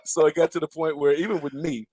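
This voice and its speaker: A man's voice: fairly high pitch, fast talker, slightly rough. A man telling basketball stories in casual podcast chat, acting out the lines of the people in them. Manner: animated storyteller acting out quotes. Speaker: guest, former player and broadcaster.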